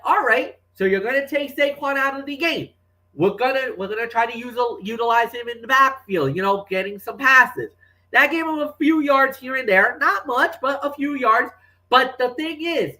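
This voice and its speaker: Emphatic sports talk man, echoey room. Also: very high-pitched. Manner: emphatic and animated, with repeated restarts. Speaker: sports talk show co-host.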